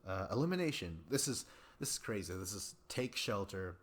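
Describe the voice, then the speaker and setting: A young man talking through a solo podcast recap in a loose, rambling way, swearing freely and filling pauses. His voice sits a little low. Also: sing-song. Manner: rambling, profane, chatty with many fillers. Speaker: podcast host. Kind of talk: casual solo recap chat.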